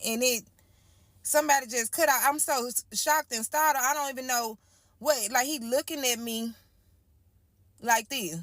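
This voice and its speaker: A woman's voice: sits high, moderate pace, long pauses, a bit bright, dry recording. A woman giving an emotional first-person account of a frightening night. She talks colloquially, repeats her phrases and speaks to listeners as y'all. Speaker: storyteller giving a testimony.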